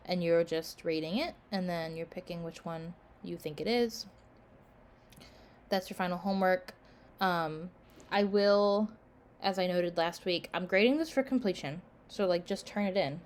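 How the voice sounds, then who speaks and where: A woman college instructor with a fairly low pitch speaks a little slowly as she gives casual course announcements. She yawns, sounds tired, and fills her sentences with "um" and "like."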